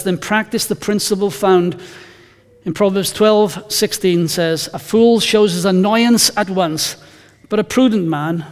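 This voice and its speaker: A man's voice: sits high, big-room sound. A male pastor preaching a conversational sermon, telling stories and reading scripture with emphasis.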